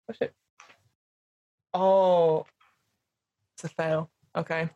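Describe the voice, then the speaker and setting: A woman running a tabletop horror game as game master, narrating scenes dramatically and quickly. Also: fairly low pitch.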